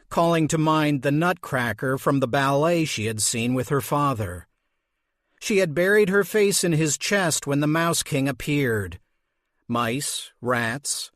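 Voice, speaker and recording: A man reading an audiobook as narrator, with slow, measured delivery. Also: medium pitch, no echo, clean studio sound. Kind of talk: scripted narration.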